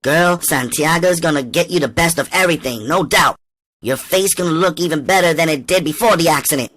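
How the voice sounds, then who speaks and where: A man's voice: medium pitch, normal speed, fairly bright tone, voice pushed up, lightly acted. A man voicing a spoiled, brash teenage girl in an audiobook reading, slangy and upbeat. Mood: brash, coaxing.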